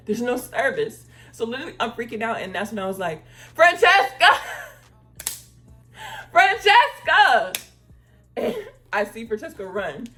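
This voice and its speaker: Animated woman telling a travel story. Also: medium pitch. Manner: animated storytelling, acting out quoted people; uses "y'all" and "girl" casually. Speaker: travel vlogger. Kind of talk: casual story time.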